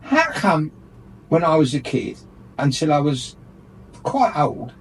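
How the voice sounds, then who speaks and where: A man's voice: fairly high pitch, very animated, slow pace, recorded from a distance, a little hiss or hum, poor audio. A man ranting with indignation in a light-hearted radio chat, laughing often. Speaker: radio show regular airing his gripes.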